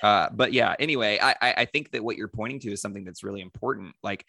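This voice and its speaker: A man's voice: fairly low pitch, fast, gravelly, pushed and bright, dry recording. A man in casual podcast conversation, thoughtful and encouraging, with hesitant restarts.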